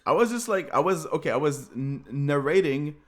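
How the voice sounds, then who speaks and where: A man's voice: on the high side, moderate pace, faint music behind. French-accented man commentating an esports match. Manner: excitable, joking, many fillers. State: sleep-deprived. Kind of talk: live game commentary.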